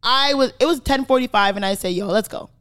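A woman's voice: a little high, brisk. A young woman co-hosting a podcast, telling stories in casual chat, full of "like"s and swearing freely. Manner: animated storytelling, swears freely, many "like"s. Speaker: podcast co-host.

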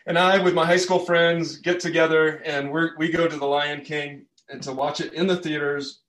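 A man's voice: a little high, little pitch movement, normal speed, a bit bright, reverberant. A man preaching a sermon, telling a story in an earnest, conversational way. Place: church.

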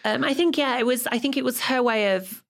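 A woman co-hosting a podcast, chatting casually about a TV series in a measured, wry way. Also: fairly high pitch, creaky. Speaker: podcast co-host. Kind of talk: casual chat reviewing a TV series.

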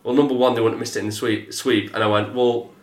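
A man, telling a story in a casual podcast chat, animated and swearing, mimicking others in a flat lowered voice. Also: fast. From England. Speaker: podcast co-host. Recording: echoey room.

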